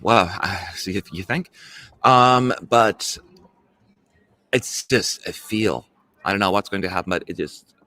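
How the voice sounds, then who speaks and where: A man hosting a laid-back live stream, his voice on the low side but swooping up and down a lot. He gushes and sighs over what he likes. He moves the chat along between topics. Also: fairly bright tone. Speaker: stream host. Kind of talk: casual chat.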